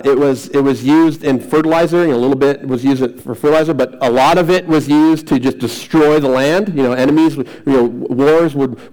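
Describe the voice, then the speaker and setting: A man's voice: medium pitch, darkish tone, low-quality recording. A middle-aged man preaching a sermon as a pastor, earnest and repetitive, often restarting phrases.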